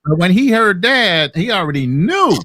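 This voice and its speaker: A man co-hosting a podcast discussion, telling stories with animated asides. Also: high-pitched, normal speed, no room sound, clean studio sound.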